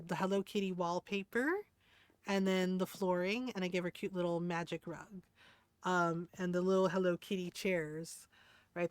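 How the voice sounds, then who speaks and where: A woman's voice: on the low side, dry recording. A young woman streamer chatting casually and rambling a little as she shows off her game.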